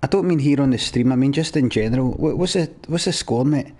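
A man's voice: medium pitch, fairly quick, dark tone. A young man live-streaming a game, chatting casually and ranting at his viewers with plenty of swearing. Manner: sweary, ranting at chat in a mock-exasperated way.

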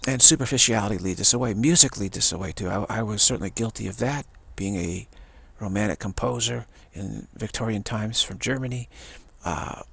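Gravelly-voiced man in his sixties. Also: fairly low pitch, a bit bright. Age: 60s. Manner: halting, repeats words and restarts often. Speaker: spiritual teacher. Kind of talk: rambling spiritual talk.

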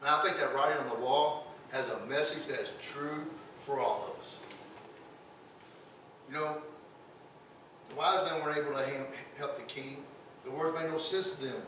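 A man's voice: mid-range voice, fairly even intonation, normal speed, pauses often, a bit bright, a little hiss or hum. A man preaching a sermon as pastor, emphatic, often repeating words as he builds a point. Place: church sanctuary. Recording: echoey church sanctuary, distant mic.

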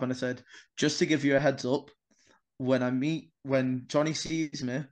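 A man's voice: medium pitch, darkish tone. A young man, a wrestler guest on a podcast, telling a story in casual chat, swearing freely and acting out the dialogue.

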